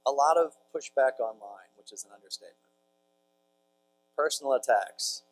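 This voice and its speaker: A man's voice: mid-range voice, slight background noise, poor audio. A man, a priest speaking to a large audience in a conversational storytelling talk with jokey asides to the crowd. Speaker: priest giving a conference talk.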